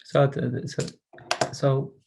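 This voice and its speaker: A man presenting an online workshop for carers over a video call, speaking in a gentle, inviting way with frequent hesitations and restarts. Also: mid-range voice, little pitch movement, takes it slowly, creaky, noisy background.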